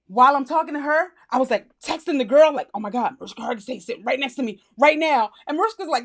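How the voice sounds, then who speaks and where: A young woman spills a wild storytime in a vlog, her voice sitting a little high. She is blunt and slangy and laughs through the telling. She leaps higher still whenever she acts out the people in the story. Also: quick pace, hardly any pauses. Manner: animated, acts out quotes in a higher voice. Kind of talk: casual storytime.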